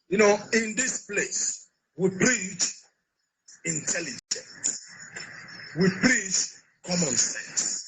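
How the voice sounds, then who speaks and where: A man's voice: sits high, bright, forceful tone, slight background noise, poor audio. A man, ranting in a political vlog in a scolding, sarcastic, repetitive way. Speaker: political commentator.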